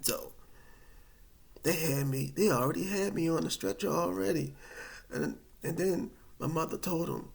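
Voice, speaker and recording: Gravelly animated storytelling man. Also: on the high side, unhurried. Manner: animated, colloquial, rambling with restarts. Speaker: vlogger telling a personal story. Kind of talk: casual storytelling to camera.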